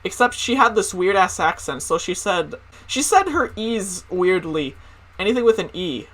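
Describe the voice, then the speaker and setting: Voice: medium pitch, expressive, moderate pace, a bit bright. A young adult telling funny school stories in a casual, profane way, full of "like" fillers. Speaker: storyteller. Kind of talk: comedic personal storytelling.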